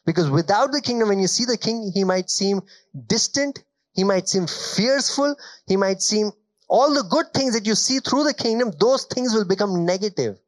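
Pastor preaching conversationally. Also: male voice, high voice, no room sound. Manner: conversational preaching with rhetorical questions, drawn-out emphatic phrases. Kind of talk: sermon.

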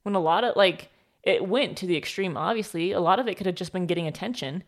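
A woman's voice: fairly low pitch, quick pace. A woman co-hosting a casual book podcast, rambling and leaning on filler words as she shares opinions. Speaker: podcast co-host.

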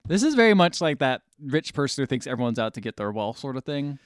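Quick, wry man reacting skeptically. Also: mid-range voice, sing-song, clear, resonant tone, no echo, clean studio sound. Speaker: podcast co-host. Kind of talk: casual chat reacting to a plot recap.

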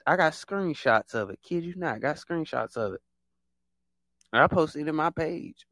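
A man hosting a casual monologue, talking in an animated, repetitive way and acting out other people in quick put-on voices. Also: on the high side, dry recording. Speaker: podcast host.

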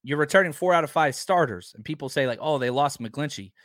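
A man with a slightly raised pitch hosts a casual sports podcast, arguing point after point with emphatic energy. His voice is a touch hoarse from a long day of talking. The sound is dry and close to the mic. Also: a little fast, dry recording. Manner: animated, emphatic, argumentative. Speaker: podcast host.

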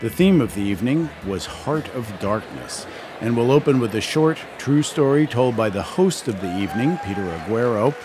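A man hosting and producing a radio show, reading a measured, scripted introduction. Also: medium pitch, expressive. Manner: measured, announcing. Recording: radio intro over guitar music and audience noise.

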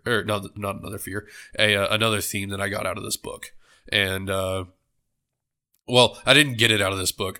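A man with a low, bright voice hosts a solo book podcast, sounding a little stuffed up. He rambles casually, corrects himself mid-thought and teases with a joke. His tone is loose and conversational. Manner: rambling, self-correcting, joking. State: stuffed up nose. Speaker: book club podcast host.

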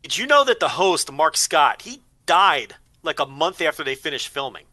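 Male co-host, slightly high, bright tone, loose rambling delivery. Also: big pitch swings, normal speed, no room sound. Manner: rambling, repeats words while thinking. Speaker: podcast co-host. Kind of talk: casual chat.

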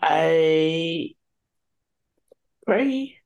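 A young woman co-hosts a podcast. She speaks slowly and in a low register, choosing her words with care. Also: animated, darkish tone, highs cut off. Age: young adult. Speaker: podcast co-host. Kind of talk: casual chat.

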